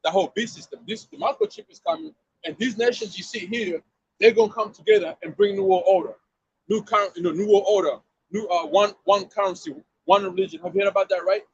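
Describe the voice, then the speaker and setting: A man's voice: high-pitched, animated, fast, dull audio, a little hiss or hum. A man street preaching outdoors to a passer-by, emphatic and slangy, often repeating himself and asking if you see what he means.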